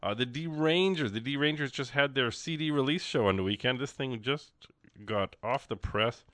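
A man's voice: mid-range voice, normal speed, fairly bright tone, no echo. A man hosting a radio music show, chatting casually in a rambling, joking way with many fillers and restarts from the studio.

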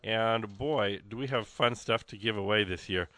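Chatty radio host man, rambling with bursts of excitement, dry studio sound. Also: fairly low pitch, moderate pace, dry recording. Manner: chatty, rambling, exclamatory with frequent fillers. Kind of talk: casual radio fund drive chat.

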